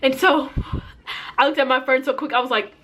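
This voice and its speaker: A teenage girl telling an animated, slangy storytime, putting on voices for the people in it. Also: sits high, fairly quick. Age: teens. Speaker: vlogger. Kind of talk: storytime vlog.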